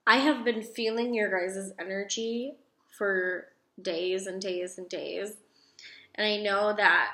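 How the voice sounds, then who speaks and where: A young woman reads tarot cards for her viewers at home in a chatty, gushing way and swears casually. She takes her time, lingering over her words. Her voice bounces around an echoey room, with a faint hiss underneath. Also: mid-range voice. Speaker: tarot card reader. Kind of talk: casual tarot reading video.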